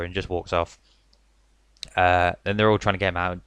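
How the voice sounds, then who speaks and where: A man's voice: deep voice, little pitch movement, normal speed, fairly bright tone, clear, resonant tone, no room sound. A young man reviewing a wrestling event in a casual, rambling way, full of "like" and "literally". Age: young adult. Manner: chatty, filler-heavy, says "like" and "literally" a lot.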